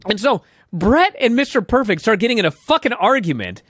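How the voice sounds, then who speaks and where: Man, late 30s, podcast co-host, swearing casual chat, lively pitch, dry close sound. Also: fairly quick, no echo. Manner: animated, profane, re-enacting what others said.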